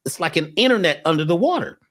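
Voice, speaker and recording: A husky-voiced man talks as a guest, his pitch swooping up and down as he tells stories. He acts out the people in them as he goes. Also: quick pace. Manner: animated storyteller, acts out quoted people. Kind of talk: animated spiritual talk.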